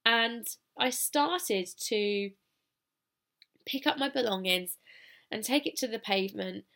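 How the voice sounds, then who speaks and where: Hosting her solo podcast, a British woman tells a personal story slowly and chattily, self-deprecating and informal. Her voice is on the high side, pushed and bright, with vocal fry.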